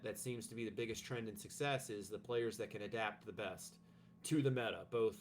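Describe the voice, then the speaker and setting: A man of middle pitch co-hosting a casual podcast, working through his opinion out loud. He hesitates and fills the gaps with ums. A faint hum sits behind his voice. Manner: hesitant, many ums and restarts. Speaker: podcast co-host.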